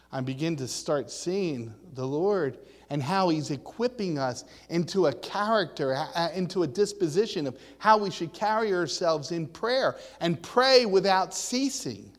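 A man delivers a sermon in a slightly higher voice. He talks like he is telling stories to friends and keeps putting questions to the room. His words ring out in a big, echoing hall. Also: lively intonation, moderate pace, few pauses. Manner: conversational, storytelling preaching that asks the crowd questions. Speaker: preacher.

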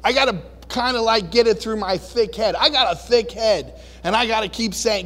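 A man preaching a sermon in a folksy, animated way, now and then acting out voices and shouting. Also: sits high, fairly quick, few pauses. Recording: long reverb of a large hall.

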